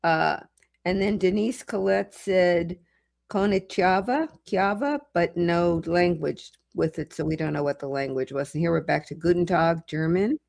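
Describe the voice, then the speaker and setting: A middle-aged woman hosting a livestream, chatting casually with viewers as she reads comments and slowly sounds out foreign greetings. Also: fairly low pitch, steady tone, vocal fry, darkish tone. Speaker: legal commentator and livestream host.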